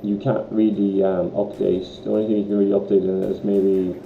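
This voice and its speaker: A man's voice: low voice, little pitch movement, a little fast, gravelly. A teenage boy with an Irish accent, rambling to camera with many ums and short laughs. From Ireland. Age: teens. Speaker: student vlogger. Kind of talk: casual rant to camera. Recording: lo-fi, echoey room, faint hiss.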